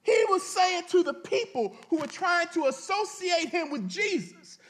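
A man with a strikingly high voice delivers a sermon. He reads scripture aloud, then talks straight to the congregation in loose, everyday words, and now and then his voice climbs into a shout. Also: very animated, unhurried. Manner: preaching with dramatic rises and shouts, reading scripture aloud; colloquial, addresses the congregation directly. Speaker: pastor.

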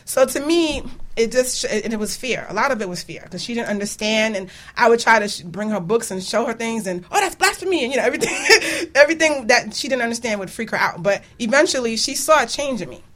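A woman hosts a casual radio talk show, her delivery animated and chatty. She laughs often and keeps a relaxed, talkative flow into the studio mic. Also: on the high side, brisk, few pauses.

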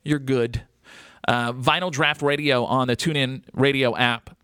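A man's voice: medium pitch, fairly even intonation, moderate pace, bright, forceful tone, smooth, no echo. A man hosting a radio show from a studio, talking casually, rambling and joking with lots of fillers.

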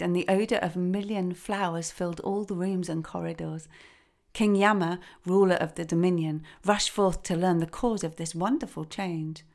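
Gentle woman storyteller, lowish voice. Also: gravelly. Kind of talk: storytelling narration.

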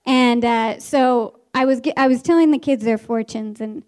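A woman teacher telling a story from her classroom to an audience, animated and laughing, with many restarts. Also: fairly high pitch, normal speed. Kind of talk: stage storytelling.

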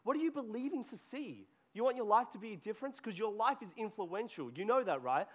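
A man's voice: high-pitched, animated, brisk. A man preaching a sermon to a congregation in a church, talking conversationally and joking with people in the room. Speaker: pastor. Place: church hall before a congregation.

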